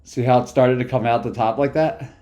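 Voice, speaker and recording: A man's voice: medium pitch, steady tone, a little fast, mellow, muffled recording. A man chatting casually on a live stream, hyper and rambling from topic to topic after no sleep. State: sleep-deprived.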